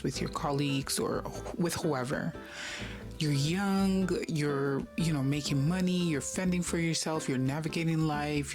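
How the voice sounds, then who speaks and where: A woman hosting a reaction video, commenting emphatically and repeating phrases for effect. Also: deep voice. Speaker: host. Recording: music under the voice. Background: music.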